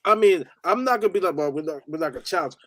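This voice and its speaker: Excitable high-voiced man on a panel. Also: rapid-fire, no room sound. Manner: excitable, hopeful. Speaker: guest panelist. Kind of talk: casual football chat.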